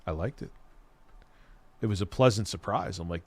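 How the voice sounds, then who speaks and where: A man's voice: low-pitched, normal speed. A man hosting a casual livestream, chatting with viewers in a rambling, enthusiastic way and swearing freely. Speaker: streamer host.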